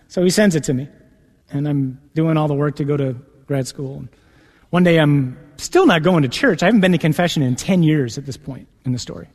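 A man preaching from personal testimony, a priest who brings each remembered conversation to life. His voice sits a little high for a man and rises sharply when he plays out a scene. The sound carries a long reverb, as from a large church. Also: brisk. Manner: lively storyteller, acts out dialogue with rising pitch.

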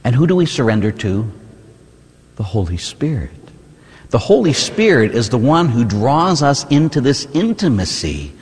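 A man's voice: mid-range voice, big pitch swings, moderate pace, darkish tone, breathy edge, big-room sound. A man from the United States, a Catholic priest, preaching a conversational sermon full of rhetorical "huh?" asides.

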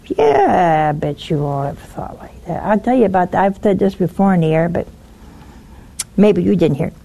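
A woman's voice: lowish voice, moderate pace, gravelly. A woman preaching a broadcast sermon, telling stories with wry humor, teasing her listeners and dropping to a whisper to stress a point. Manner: animated storytelling, dropping to a whisper for emphasis.

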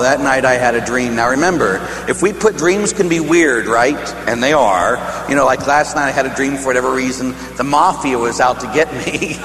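A man who is a priest, from Pittsburgh, telling stories in a sermon in an animated, laughing way and acting out the voices. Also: medium pitch. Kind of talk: storytelling sermon. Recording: echoey hall with faint hum.

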